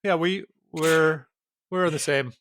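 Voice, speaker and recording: Giggly young man, high and bright. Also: slow, no room sound. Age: 20s. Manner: giggly, rambling, animated. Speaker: podcast co-host. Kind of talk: casual chat.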